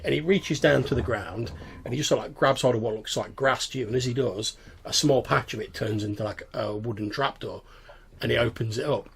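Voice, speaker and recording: A man runs a tabletop game as game master, narrating casually and swearing freely. His voice is gravelly, set against a faint hum of ambient noise. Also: mid-range voice, fairly quick.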